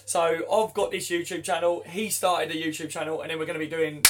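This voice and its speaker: A talkative young man runs a laid-back football livestream, reading viewer comments aloud and laughing with them. For a man, his voice is slightly high, and he speaks quickly with fairly level intonation.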